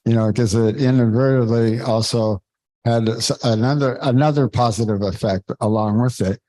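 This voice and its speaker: A man leading a devotional scripture class, talking informally and haltingly, searching for words and chuckling between points. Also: fairly low pitch, dark tone, dry recording, rough recording.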